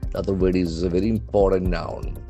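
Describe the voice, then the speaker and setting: Deliberate low-voiced teacher. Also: male voice, fairly even intonation, dark tone, soft background music. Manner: slow, deliberate, spells words letter by letter. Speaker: English language trainer. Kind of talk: newspaper vocabulary lesson.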